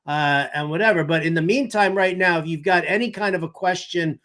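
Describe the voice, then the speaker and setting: This fantasy baseball podcast host is a man in his fifties who talks fairly quickly, with a fairly high pitch and a sharp tone. His casual chat is rambling and jokey, and he swears without holding back.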